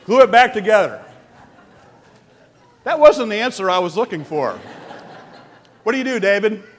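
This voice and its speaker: A man pastor delivering an animated sermon, asking the congregation questions. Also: high voice, normal speed. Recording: long reverb of a large hall.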